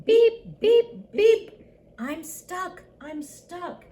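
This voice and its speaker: A squeaky little blue truck, as a grandma puts it on. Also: female voice, expressive, extremely slow, exaggerated voice. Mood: pleading. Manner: high bright beeps and squeaky pleas. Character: cheery little blue pickup truck, beeping.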